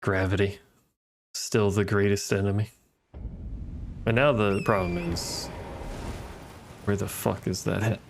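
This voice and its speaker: A man's voice: lowish voice, fairly even intonation, measured pace, vocal fry, pauses often, slight background noise. A man giving casual, sarcastic gameplay commentary, muttering and swearing at the game as he plays. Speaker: gaming streamer. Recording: game music behind voice. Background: game music.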